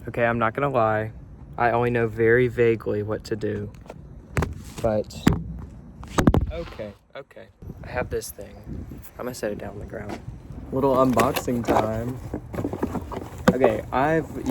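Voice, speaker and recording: A man's voice: mid-range voice, heavy background noise. Chatty young man vlogging by his car. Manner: chatty, self-mocking, swings to loud exclamations. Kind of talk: casual vlog. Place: outdoors by a car at night.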